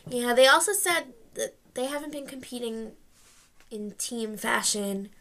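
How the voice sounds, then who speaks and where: A woman's voice: fairly high pitch, animated, unhurried, fairly bright tone. A college-aged woman co-hosting in casual chat, chatty and opinionated. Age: young adult. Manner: chatty, opinionated, laughs along. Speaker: co-host.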